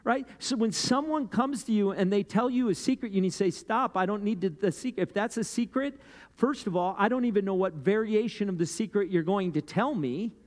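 A man preaching a sermon in a loose, conversational way, often checking in with "right?" and climbing in pitch and volume as he gets worked up. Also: fairly quick, a little mellow. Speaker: pastor. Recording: long hall reverb with guitar playing underneath.

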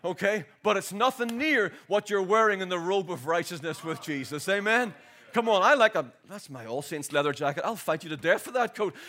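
Bright-voiced Northern Irish preacher in his forties. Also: sits high, expressive, a little fast. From Northern Ireland. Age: 40s. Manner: storytelling, rising to exhortation. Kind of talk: sermon.

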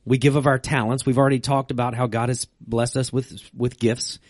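A man's voice: medium pitch, flat delivery, a little fast, a little mellow, no echo, studio quality. A man co-hosting a casual church talk, reading scripture and book quotes aloud. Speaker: co-host. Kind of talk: casual church podcast chat.

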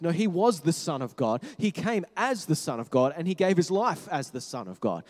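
A man preaching a sermon, talking conversationally, correcting himself and dropping to quiet low tones for emphasis. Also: animated, moderate pace, few pauses. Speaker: pastor. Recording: long hall reverb.

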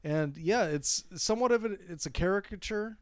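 A talkative man in his thirties with a Minnesota accent, co-hosting a casual podcast and explaining things with plenty of examples. His voice sits slightly higher than most men's. The sound is dry and close, with no room around it. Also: animated, normal speed, clean tone, no echo. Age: 30s. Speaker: podcast co-host. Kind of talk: casual chat.

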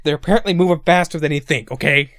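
A man's voice: fairly high pitch, quick pace, a bit bright, dry recording, studio quality. A man co-hosting a podcast, chiming in with playful interjections and repeating jokes back in casual chat. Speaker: podcast co-host.

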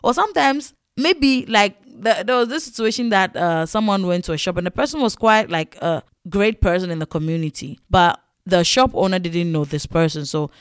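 A chatty woman, telling stories casually and animatedly, with lots of fillers. Her voice is smooth and the recording dry and close. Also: fairly low pitch, normal speed, hardly any pauses, no echo. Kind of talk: casual storytelling vlog.

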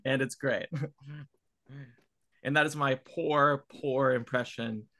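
A man's voice: mid-range voice, fairly even intonation, takes it slowly, bright, forceful tone. A man co-hosting a podcast in casual chat, hesitant with many fillers and frequent laughs. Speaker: podcast co-host.

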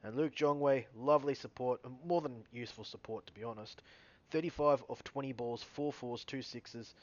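Male cricket vlogger, mid-pitched, self-correcting stats recap, dull home mic. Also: normal speed, no room sound. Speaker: cricket video host. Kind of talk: casual solo cricket recap.

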